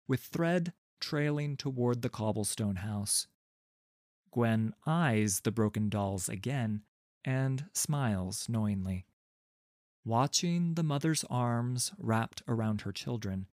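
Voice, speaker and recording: A man reading a fantasy story aloud in a calm, measured and gently expressive way. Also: medium pitch, dry recording, studio quality. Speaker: narrator. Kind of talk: scripted storybook narration.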